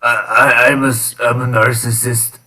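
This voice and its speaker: A man appearing as a guest on a casual stream, who jokes in a deadpan, trolling way and stops often to say uh. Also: mid-range voice, recorded from a distance, rough recording. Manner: deadpan, trolling, halting with many uhs. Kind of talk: casual live-stream banter.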